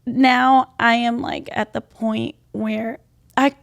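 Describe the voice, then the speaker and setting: A woman's voice: fairly high pitch, flat delivery, slow pace, vocal fry, no echo, clean studio sound. A woman in her late twenties, pregnant, telling a personal story in a chatty way with a lot of "like"s as a podcast co-host. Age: 20s. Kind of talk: casual chat.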